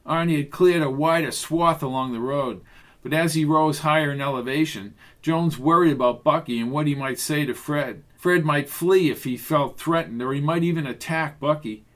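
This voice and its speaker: A man narrating a mystery audiobook in a steady, even voice. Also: on the high side, normal speed. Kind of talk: scripted narration.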